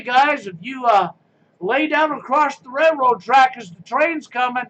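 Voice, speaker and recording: A man's voice: very high-pitched, unhurried, fairly bright tone, muffled recording. A man giving a sarcastic, mocking rant on a live stream, blunt and frustrated in tone.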